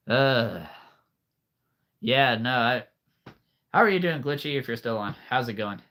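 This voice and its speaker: This livestream host, a figure collector, speaks at a medium pitch with a fairly bright, animated tone, taking his time and pausing often. He's slightly winded as he meanders through viewer comments, laughing frequently and playing with words.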